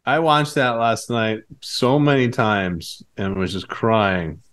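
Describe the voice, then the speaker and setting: A man's voice: on the low side, slow pace, fairly bright tone. A man in casual chat, telling a story with animation, laughing as he goes and acting out the voices of the people in it. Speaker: podcast co-host.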